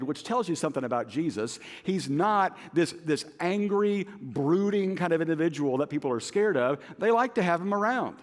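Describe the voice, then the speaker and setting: A middle-aged man preaching a sermon as pastor, telling stories with self-deprecating humor. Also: on the high side. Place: large church auditorium. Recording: long hall reverb.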